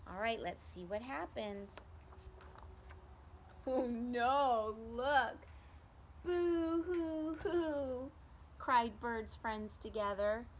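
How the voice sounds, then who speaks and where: Woman, young adult, preschool teacher, storybook read-aloud, slightly high voice, animated. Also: a little hiss or hum. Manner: animated, asks children questions.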